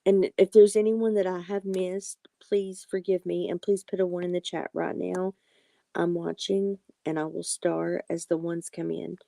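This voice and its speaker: A woman hosting a live tarot and oracle card-reading stream speaks gently in a low, gravelly voice with heavy vocal fry and a mellow, dark tone, recorded dry and close with no echo. Her pitch moves little and her pace is measured. Soft-spoken, apologetic and reassuring, she affectionately calls her viewers sweetie and honey.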